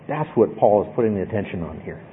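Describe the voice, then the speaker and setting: A man's voice: on the low side, animated, fast, slight background noise. A man teaching a Bible study lesson in a conversational way, often checking in with his listeners by asking "okay?". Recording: tinny phone-like line.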